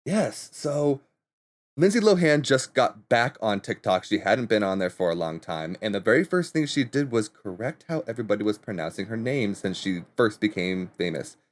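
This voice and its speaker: A man's voice: fairly low pitch, expressive, moderate pace. A man in casual chat on a talk show, explaining internet trends in an upbeat way and laughing often. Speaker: guest internet trends reporter.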